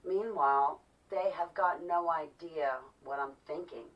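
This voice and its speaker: A woman with a lowish voice speaks in an impassioned, emphatic monologue. She sits some way off from the microphone, and the sound is dull and lo-fi. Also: unhurried. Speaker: vlogger. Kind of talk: personal monologue. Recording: distant mic, dull lo-fi sound.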